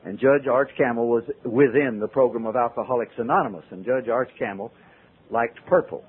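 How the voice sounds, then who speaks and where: A man tells his recovery story to a meeting in a folksy way, swinging from loud to hushed. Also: medium pitch, a little fast, breathy edge. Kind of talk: personal storytelling talk. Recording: tinny phone-like old tape.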